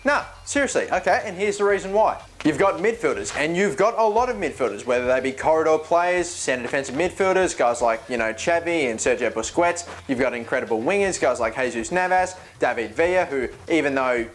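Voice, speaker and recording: A man's voice: medium pitch, animated, brisk, few pauses. A man giving casual, joking gaming commentary, chatty and rambling, often correcting himself mid-sentence. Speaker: video game YouTuber.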